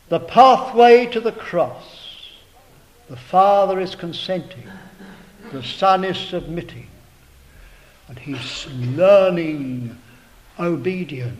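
Brief: male preacher, fairly high voice, slow and deliberate, building to loud emphatic climaxes then falling hushed. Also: a little hiss or hum, low-quality recording. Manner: slow, dramatic delivery rising to loud emphatic peaks, then dropping to hushed tones; addresses listeners as brethren, beloved brother. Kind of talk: sermon.

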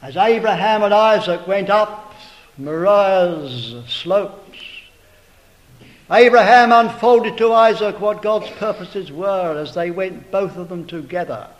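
A man preaching a sermon in a slow, dramatic way, swelling to loud emphatic peaks and sinking to hushed tones. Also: high voice, expressive, poor audio. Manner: addresses listeners as brethren, beloved brother.

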